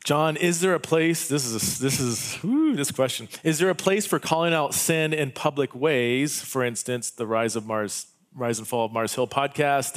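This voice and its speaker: A man hosts a podcast interview, mostly murmuring short agreements and now and then asking long, rambling questions. His voice is a mid-range male voice. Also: mid-range voice. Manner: affirming, brief interjections.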